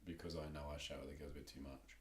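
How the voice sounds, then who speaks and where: A man's voice: extremely low pitch, racing, echoey room, slight background noise. A young English father in casual podcast chat, telling stories and acting out what was said. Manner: animated storytelling, acts out quoted dialogue.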